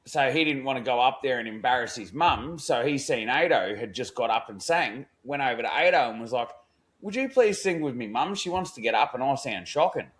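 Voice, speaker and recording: A man's voice: medium pitch, brisk, few pauses, fairly bright tone. Australian man telling a slangy yarn. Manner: swearing, slangy yarn-telling, acts out quotes. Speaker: podcast co-host. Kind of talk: casual storytelling chat.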